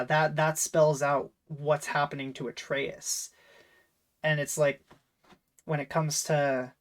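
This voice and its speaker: A man chatting casually as host, rambling through a story with plenty of fillers and restarts. He sounds enthusiastic, and his voice sits a little high for a man. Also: poor audio. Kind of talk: casual chat.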